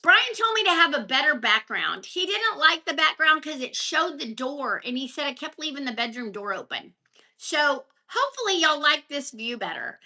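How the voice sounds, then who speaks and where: A woman's voice: high-pitched, big pitch swings, normal speed, pushed and bright. A woman from Texas, hosting a casual live stream from home on her phone, ranting and chatting back to viewers by name. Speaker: livestream host. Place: home, at a counter. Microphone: phone held vertically.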